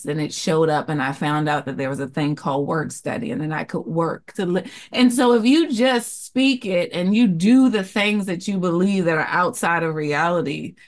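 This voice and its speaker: A young woman telling her life story as a podcast guest, earnest and expressive, acting out the voices of people she quotes. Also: fairly low pitch. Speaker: podcast guest, jewelry entrepreneur. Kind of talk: candid interview storytelling.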